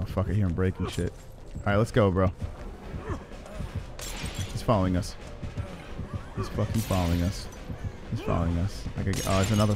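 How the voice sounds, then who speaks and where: Excitable, profane man streaming a game. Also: mid-range voice. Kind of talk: live gameplay commentary.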